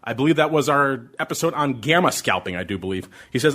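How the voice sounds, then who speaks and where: A middle-aged man hosting a podcast, answering listener questions about options trading in an excitable, ramped-up way. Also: medium pitch. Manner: excitable, fast, ramped-up delivery. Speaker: podcast host.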